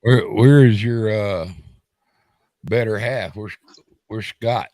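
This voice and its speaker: A man's voice: lowish voice, slow pace, a little mellow, dry recording. A man joking around as a guest on a casual livestream chat. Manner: joking, teasing.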